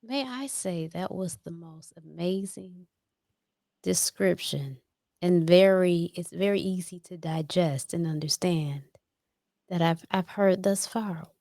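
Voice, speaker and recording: A woman's voice: on the low side, takes it slowly, warm tone, no room sound. Woman host, casual and effusive, dry close sound. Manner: loose, enthusiastic, swears casually. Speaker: interview host. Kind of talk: casual interview chat.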